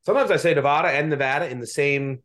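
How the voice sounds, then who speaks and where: A man's voice: fairly high pitch, fast, a bit bright. A man with a Delaware County accent hosting a sports betting podcast in a chatty, self-deprecating way. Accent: Delaware County (Philadelphia area). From Delaware County, Pennsylvania. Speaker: podcast host.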